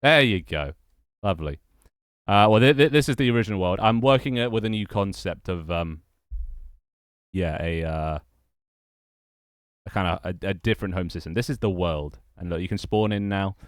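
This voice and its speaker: A man's voice: sits low, lively intonation, moderate pace, long pauses, no room sound, studio quality. A young man chatting casually on a livestream, rambling and repeating his phrases as he greets viewers. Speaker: streamer and game developer.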